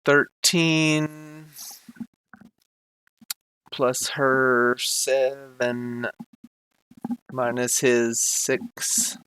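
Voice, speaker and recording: A man's voice: mid-range voice, little pitch movement, drawn-out words, pauses often, fairly bright tone, clear, resonant tone, low-quality recording. A man narrating a tabletop game as game master, hesitant with many fillers as he describes the action.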